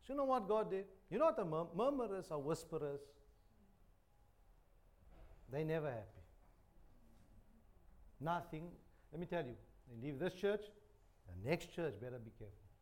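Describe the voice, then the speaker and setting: A man's voice: on the high side, very animated, brisk. A man preaching a sermon, joking and chatty, repeating phrases. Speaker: pastor. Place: church.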